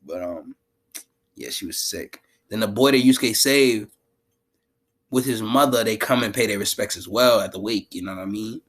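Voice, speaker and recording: A man giving a casual, animated anime recap in heavy slang, laughing often. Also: fairly low pitch, normal speed. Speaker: anime commentator.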